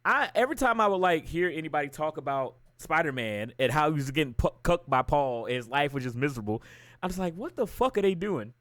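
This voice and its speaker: A man's voice: on the high side, quick pace, no room sound, studio quality. A man livestreaming and chatting casually, ranting with lots of swearing while retelling a story. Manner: profane, ranting, animated storytelling. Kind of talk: casual chat.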